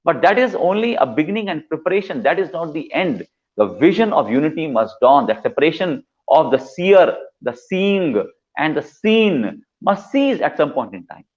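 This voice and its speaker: A man's voice: on the high side, sing-song, moderate pace, muffled recording. A man, a guest speaker giving a devotional storytelling talk in an earnest way, repeating words for emphasis. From India.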